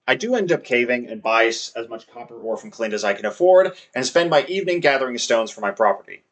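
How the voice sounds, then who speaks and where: A man's voice: mid-range voice, a bit bright. A man narrating his farming game session in a scripted, wry and self-deprecating way. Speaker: let's play narrator.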